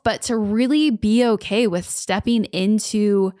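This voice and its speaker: A young woman co-hosts a casual podcast, telling stories in an earnest, chatty way full of "like" fillers. Her voice sits in a middle pitch and sounds dry and close, with no room around it. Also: a little slow, warm tone, dry recording. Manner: earnest, storytelling, frequent "like" fillers. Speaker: podcast co-host.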